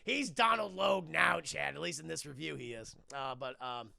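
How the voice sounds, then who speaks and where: A gravelly, bright-voiced man streams to his chat. He retells a film scene with loud, swooping energy, swears freely, and laughs a lot. The sound is dry and close on the mic. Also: a little high, moderate pace, no room sound. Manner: animated, profane, laughing often. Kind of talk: casual livestream chat.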